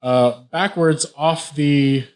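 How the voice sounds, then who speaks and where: A man with a slightly high voice running a tabletop game. He narrates combat in an easygoing way, full of fillers and chuckles. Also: slow, a little mellow. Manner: easygoing, laughs often, filler-heavy narration. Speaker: game master.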